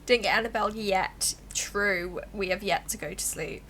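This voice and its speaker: A woman streaming a visual novel, reading its narration aloud and breaking in with quick, animated asides. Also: medium pitch, a little hiss or hum.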